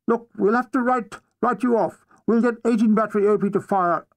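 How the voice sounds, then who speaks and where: A man's voice: sits high, fairly even intonation, fairly quick, pitched above the performer's own voice. A man voicing a flustered army officer on the radio, clipped and exasperated.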